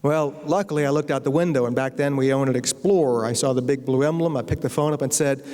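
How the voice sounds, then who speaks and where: An American man, a guest lecturer and novelist, tells a comic story in a university lecture hall, anecdotal and with good comic timing. His voice is medium-pitched, steady, quick and somewhat dark. The hall's long reverb carries through the recording.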